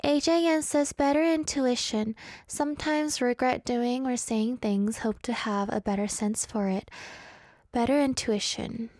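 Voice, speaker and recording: A woman's voice: on the high side, fairly even intonation, a little slow, darkish tone, no room sound. A woman radio host chatting casually and reading out listener messages, playful and self-mocking. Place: radio studio.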